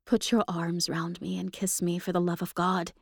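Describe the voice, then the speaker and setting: A woman voicing a gentle male ghost who begs earnestly for love, in a slow, beseeching way. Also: lowish voice, level tone, vocal fry. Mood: pleading.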